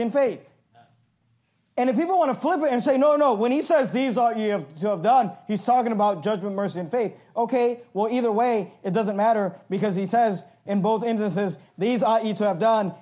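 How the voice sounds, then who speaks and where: A man preaching a passionate sermon, reading scripture slowly and emphatically and adding sarcastic asides. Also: very high-pitched, darkish tone. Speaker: pastor.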